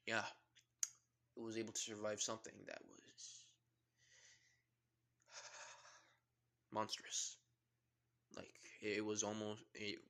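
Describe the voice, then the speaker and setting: Man, casual narration, rambling, fillers, bright voice. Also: fairly low pitch, vocal fry. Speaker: storyteller. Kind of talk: casual fan-story narration.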